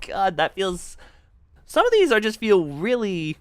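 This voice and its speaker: A game streamer chatting casually with viewers while playing, laughing often and playing around with the pitch of their voice. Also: very animated, unhurried, clear, resonant tone, no room sound. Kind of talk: casual livestream chat while gaming.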